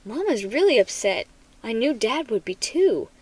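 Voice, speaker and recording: A woman reading a children's horror book aloud in an expressive, dramatic manner. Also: on the high side, normal speed, breathy edge, low-quality recording. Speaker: storybook reader.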